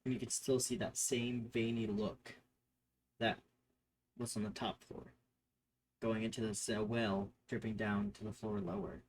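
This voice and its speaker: A man's voice: lowish voice, unhurried, a little hiss or hum. A man narrating a tabletop game as game master, describing scenes off the cuff and often correcting himself mid-sentence. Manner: improvised description with fillers and self-corrections.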